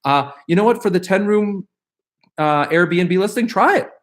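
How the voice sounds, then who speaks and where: A man's voice: high-pitched, a little slow. Upbeat middle-aged man answering questions live. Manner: animated, upbeat, rambling with fillers and restarts; reads viewer questions aloud. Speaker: host answering viewer questions. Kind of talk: live Q&A casual chat.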